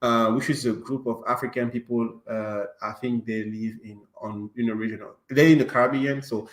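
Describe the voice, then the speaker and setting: A man's voice: mid-range voice, steady tone, moderate pace. A man hosting an online podcast in a casual, joking manner, with a non-native English accent, many fillers and restarts. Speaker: podcast host. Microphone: online stream call. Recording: echoey room.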